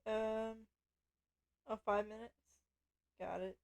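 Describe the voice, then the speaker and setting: A woman's voice: a little high, flat delivery, slow pace, vocal fry, darkish tone, dry recording. A woman streamer chatting playfully to her viewers while she plays a game. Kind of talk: casual game commentary.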